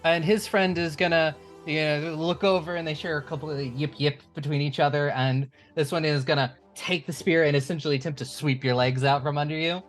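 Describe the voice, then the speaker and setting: A man running a tabletop game as game master, calling out rolls and narrating the enemies' moves in a relaxed way. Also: fairly high pitch, fairly quick, hardly any pauses, faint music behind.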